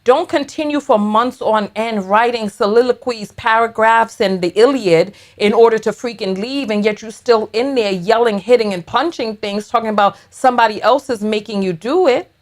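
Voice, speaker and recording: Woman reaction host, high voice, sassy and blunt comebacks. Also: moderate pace, hardly any pauses. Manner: sassy, blunt, animated retorts. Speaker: reaction commentator. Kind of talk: reaction commentary on a video.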